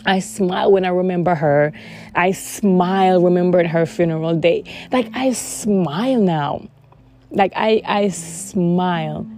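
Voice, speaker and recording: Warm, low-voiced woman sharing earnestly. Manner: earnest, repeats words for emphasis. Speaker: vlogger sharing personal experience. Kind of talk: heartfelt casual monologue.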